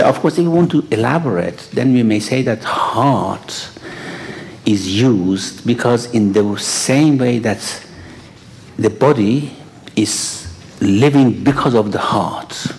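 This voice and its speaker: A man giving a religious lecture and taking questions, with dramatic storytelling that drops to a whisper and rises to exclamations. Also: lowish voice. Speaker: speaker answering questions.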